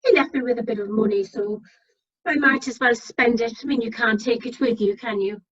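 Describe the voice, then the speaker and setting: A chatty, matter-of-fact widow on a cruise, voiced by a woman with a slightly high voice. The sound is dull and lo-fi, like audio from a video call, in an amateur radio play. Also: a little fast, natural voice. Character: widowed woman spending her late husband's money. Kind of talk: amateur radio drama acting.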